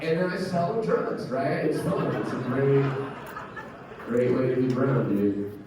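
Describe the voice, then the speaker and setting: Crude rambling comedian in an echoey club. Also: male voice, mid-range voice, very animated, unhurried, distant mic, background noise. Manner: loose, crude, rambling with many "like"s. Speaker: stand-up comedian. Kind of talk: stand-up comedy set.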